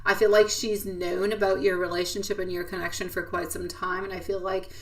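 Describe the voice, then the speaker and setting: A woman's voice: on the low side, flat delivery, brisk, distant mic. A woman giving a live tarot reading, chatting in a giggly, affectionate way and addressing viewers by name. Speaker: tarot reader.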